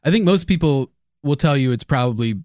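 A man in casual podcast chat who speaks in a measured way and corrects the others on facts. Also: medium pitch, animated, a little mellow, dry recording, clean studio sound. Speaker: podcast panelist.

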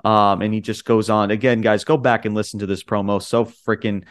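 Excitable man recapping wrestling. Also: fairly low pitch, fairly quick, clean tone. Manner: excited, profane, rambling recaps. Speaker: podcast co-host. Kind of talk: casual podcast chat.

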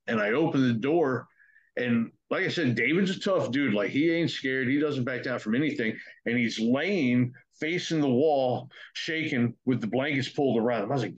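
Young man, mid pitch, loose profane storytelling, lo-fi muffled recording. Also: moderate pace. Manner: profane, conversational, acts out quotes. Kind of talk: casual spoken ghost story. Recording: dull lo-fi recording.

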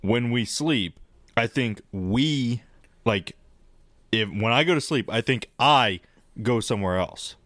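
A man in casual podcast chat, rambling and swearing as he tells an animated story about dreams. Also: medium pitch, takes it slowly, dry recording. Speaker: podcast co-host.

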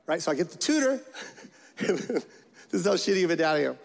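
Profane high-voiced stand-up comedian. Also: male voice, fairly quick, creaky. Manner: profane, animated storytelling with acted-out voices. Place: large venue with a live audience. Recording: echoey hall, loud crowd.

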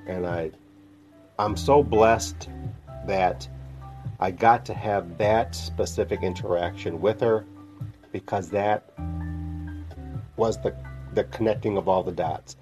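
Deep-voiced man sharing a heartfelt testimony. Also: steady tone, highs cut off, over music. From northern Illinois. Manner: reflective, heartfelt storytelling with pauses. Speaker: podcast host. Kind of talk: personal testimony.

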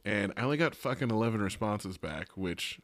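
A man's voice: on the low side, animated, a little fast, a bit bright, no room sound. A young man, a teacher and podcast co-host, ranting with profane exasperation in a casual chat.

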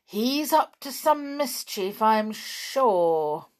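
A woman's voice: on the high side, expressive, extremely slow. A woman voicing a lonely green toy frog muttering suspiciously to himself in a children's story reading. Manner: wary, murmuring to himself.

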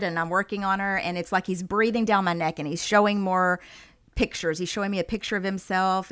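A woman, a medium, telling a vivid story as a podcast guest and acting out the voices in it. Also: mid-range voice. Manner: animated storyteller, acts out quoted dialogue.

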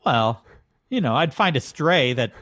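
Man, animated pitch, exasperated straight-man co-host, quick interjections, dry mic. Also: no room sound. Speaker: podcast co-host. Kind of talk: casual comedic chat.

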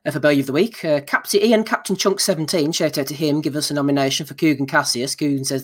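A man's voice: a little high, fast, few pauses, slightly rough. A man hosting a casual boxing podcast, reading out listener nominations with dry, mocking asides. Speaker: podcast host.

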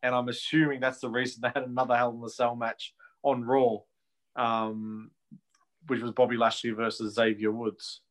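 An Australian man talks loosely and with plenty of opinion. His voice sits in an ordinary middle range. He chuckles along and keeps the tone relaxed. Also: mid-range voice, normal speed. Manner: chatty, opinionated, laughs easily. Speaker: wrestling podcast co-host. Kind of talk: casual chat.

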